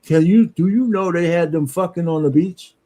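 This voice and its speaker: A man co-hosting a podcast in casual chat, an animated storyteller who swears freely. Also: on the high side, moderate pace. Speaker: podcast co-host.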